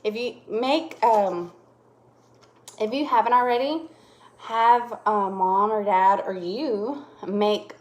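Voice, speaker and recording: A woman's voice: medium pitch, slow, dull audio. A young woman teaching a lesson to small children, patient, checking in often with "okay?" and exaggerating her intonation to show how it works.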